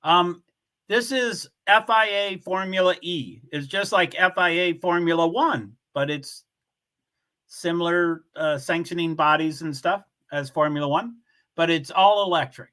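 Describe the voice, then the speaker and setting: A man runs a casual livestream, talking loosely and bluntly as he reads out viewers' comments. His voice sits high for a man and comes across bright and forward. He talks into a computer mic. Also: unhurried. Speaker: livestream host.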